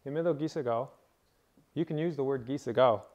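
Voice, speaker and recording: A man's voice: medium pitch, fairly quick, dull audio. A man teaching a language class, explaining rules step by step and checking that his students follow. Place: indoor camp teaching session.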